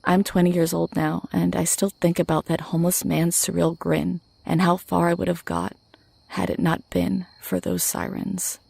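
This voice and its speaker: A woman narrating a true horror story in a steady, scripted storytelling voice. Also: fairly low pitch, moderate pace, vocal fry, breathy edge, no echo.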